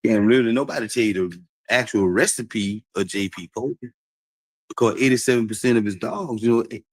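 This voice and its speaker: A man's voice: mid-range voice, brisk, husky, no echo, rough recording. A man talking casually and repetitively to his stream audience, with frequent laughs. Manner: animated, repetitive, preachy, laughs often. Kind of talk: casual livestream talk.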